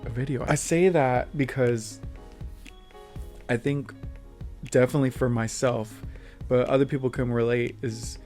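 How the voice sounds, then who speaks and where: A young man hosting his own vlog, telling childhood stories in a casual, animated way, laughing often and acting out other people's lines. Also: mid-range voice, a little slow, pauses often, soft background music. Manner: animated, laughs often, acts out quotes in raised voice. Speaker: vlog host. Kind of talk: casual storytelling monologue.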